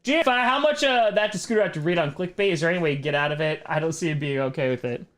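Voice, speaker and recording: A man with a fairly high voice hosts a relaxed livestream question-and-answer session. He rambles, cuts himself off and laughs between thoughts, then turns earnest when sharing his views. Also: very fast. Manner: rambling, self-interrupting, laughs often. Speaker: streamer host. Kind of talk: casual livestream Q&A chat.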